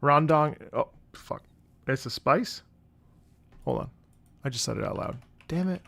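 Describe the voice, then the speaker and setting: Casual young male streamer, gravelly and close-miked, chatty storyteller over faint music. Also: medium pitch, sing-song, a little slow, dry recording. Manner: rambling anecdotes with loud bursts of laughter. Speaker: streamer reacting to game music. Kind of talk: casual livestream chat. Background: game music playing.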